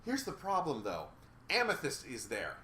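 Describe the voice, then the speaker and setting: A man's voice: mid-range voice, huge pitch swings, normal speed, sharp tone, reverberant, a little hiss or hum. A man co-hosting a casual review chat, ranting sarcastically and swearing freely in an exasperated way. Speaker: podcast co-host reviewer.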